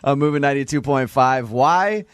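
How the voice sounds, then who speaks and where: A man's voice: medium pitch, normal speed, clean tone, no echo, clean studio sound. A man hosting a morning radio show, joking and teasing his callers. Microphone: studio microphone.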